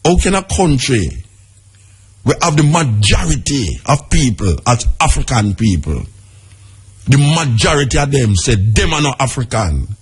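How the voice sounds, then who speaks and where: On a radio broadcast, a Jamaican host gives a passionate, patois-tinged monologue, peppering listeners with rhetorical questions. His husky, medium-pitched voice has a sing-song lilt and moves a little slowly.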